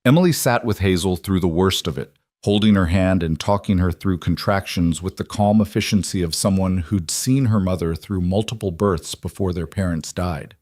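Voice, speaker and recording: Male narrator, low voice, dry close sound, measured and earnest, for western tales. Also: a little mellow, dry recording. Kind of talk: scripted storytelling narration.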